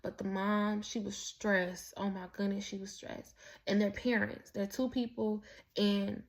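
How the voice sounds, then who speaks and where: A vlogger of Mexican heritage tells a personal story in a casual monologue that's candid, profane, and rambling, full of restarts and asides. Her medium-pitched voice comes out flat and a little slow.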